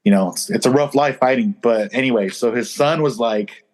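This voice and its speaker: A man's voice: mid-range voice, normal speed. A man co-hosting a podcast, telling stories in a loose, rambling way full of fillers. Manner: rambling storyteller with many fillers. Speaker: podcast co-host. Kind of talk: casual chat.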